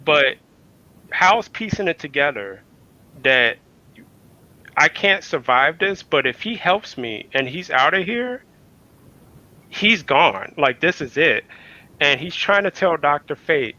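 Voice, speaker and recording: A man's voice: on the high side, animated, slow pace, long pauses, bright, forceful tone. A man guest on a casual podcast, retelling a story in a rambling way with many fillers. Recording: dull lo-fi mic.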